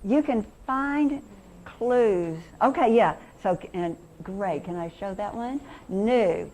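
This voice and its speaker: A woman's voice: medium pitch, expressive, slow pace, a little mellow. A middle-aged woman teacher leading an interactive workshop lesson, enthusiastic and quizzing her audience.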